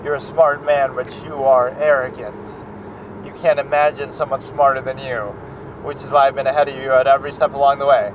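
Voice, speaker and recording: A man playing a calm, gloating male cult leader villain, delivering his lines slowly and quietly. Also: medium pitch, background noise, natural voice.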